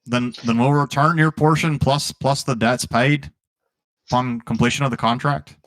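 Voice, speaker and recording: A man's voice: medium pitch, fairly even intonation, moderate pace, fairly bright tone, dry recording. Player guy in a dnd game, kinda formal and wordy, dry close sound. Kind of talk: casual tabletop game chat.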